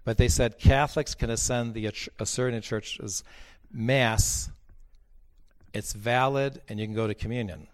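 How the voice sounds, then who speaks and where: A man's voice: mid-range voice, fairly even intonation, measured pace. A man speaking as a bishop, telling stories in a blunt, emphatic preaching talk that repeats its points.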